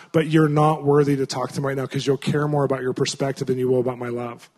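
A man's voice: medium pitch, flat delivery, fast talker, hardly any pauses. A man preaching a conversational sermon to a conference crowd, telling stories and acting out the people he quotes. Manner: storytelling, acts out quoted voices, rising to loud bursts; conversational with fillers.

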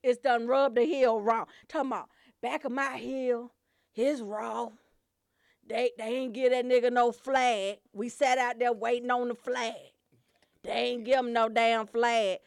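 A woman telling profane comedy stories, loud and animated, swearing and laughing often. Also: on the high side, unhurried, vocal fry, no echo, clean studio sound.

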